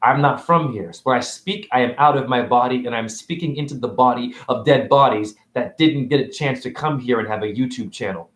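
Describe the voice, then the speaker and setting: A man giving a rambling, confrontational livestream monologue. He fires off rhetorical questions, and his pitch swings widely. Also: a little fast, hardly any pauses, fairly bright tone, echoey room, a little hiss or hum. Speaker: spiritual vlogger and store cashier.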